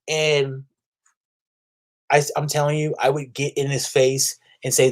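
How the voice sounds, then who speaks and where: A man's voice: on the high side, moderate pace. A man hosting a casual comic book review vlog, rambling and restarting often, trash-talking with crude language and laughing at his own jokes. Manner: animated, profane trash talk with laughter; rambling with frequent restarts and fillers. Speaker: comic book video host.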